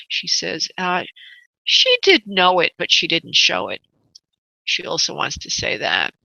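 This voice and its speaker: Woman, radio psychic host, gentle halting delivery, bright voice, dry close sound. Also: on the low side, big pitch swings, creaky, no room sound, lo-fi sound. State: choked up. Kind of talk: live psychic reading on radio.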